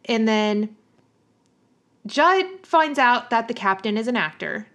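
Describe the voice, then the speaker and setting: Woman briskly summing up a plot. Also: a little high, animated, a bit bright. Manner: narrates plot step by step, filler "like" and "so". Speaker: podcast co-host. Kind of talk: casual chat recapping a TV episode.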